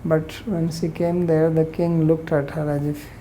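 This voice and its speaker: A woman's voice: low voice, flat delivery, a little slow, warm tone, slight background noise, low-quality recording. A woman teaching a scripture lecture, retelling the story in plain words and quoting its characters.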